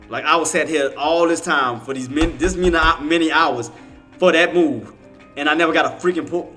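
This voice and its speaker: Man, higher-pitched and bright, live trading streamer; frustrated, slangy, repetitive, soft music bed. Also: normal speed. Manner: frustrated, repetitive, casual slang, cursing under breath. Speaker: day trading livestream host.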